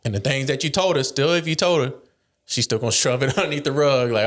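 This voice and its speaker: A man co-hosting a podcast in casual chat, telling animated stories, acting out quoted lines and laughing often. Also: medium pitch, fast. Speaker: podcast co-host.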